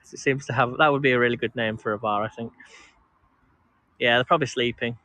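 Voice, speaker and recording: A man's voice: medium pitch, fairly even intonation, fast, bright, forceful tone, no room sound. A man chatting casually to a live-stream audience as he walks outdoors in a park, rambling with restarts and laughs. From England. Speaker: vlog host. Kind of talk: casual live-stream chat while walking.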